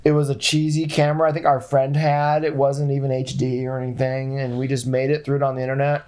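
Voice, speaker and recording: A man's voice: mid-range voice, completely flat delivery, quick pace, darkish tone. A man talking casually as a podcast guest, rambling through a story and laughing often. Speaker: guest, founder of a video company.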